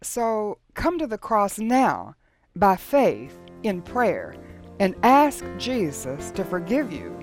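A woman's voice: mid-range voice, huge pitch swings, takes it slowly, soft background music. A woman preacher giving a closing word in a solemn, emphatic appeal. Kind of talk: sermon.

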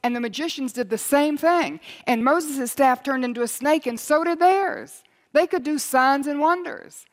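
A woman's voice: high-pitched, moderate pace. Earnest woman Bible teacher, urgent delivery. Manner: earnest, urgent preaching that swells in intensity.

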